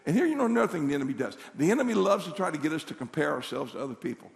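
A male pastor preaching a sermon in a church, animated, with call-and-response to the congregation. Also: a little high, racing, vocal fry. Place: church sanctuary. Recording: long reverb of a large hall.

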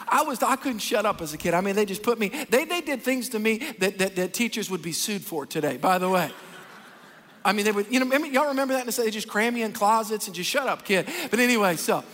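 A man preaching a sermon as pastor, animated and folksy, acting out the people he talks about. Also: high voice, quick pace. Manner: animated, folksy, acts out Bible characters. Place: large church hall. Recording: long reverb of a church hall.

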